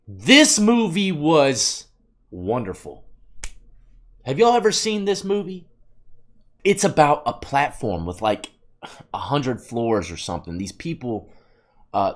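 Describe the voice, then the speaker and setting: Laid-back man reacting to clips. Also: mid-range voice. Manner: laid-back, slangy street talk. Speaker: host reacting to clips, formerly incarcerated. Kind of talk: casual reaction commentary.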